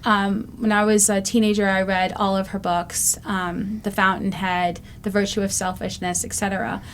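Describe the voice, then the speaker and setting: A woman's voice: medium pitch, little pitch movement, normal speed, slight background noise. Earnest woman in her fifties. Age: 50s. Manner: reflective, earnest, with frequent ums. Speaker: recovery show host. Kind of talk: casual talk-show monologue.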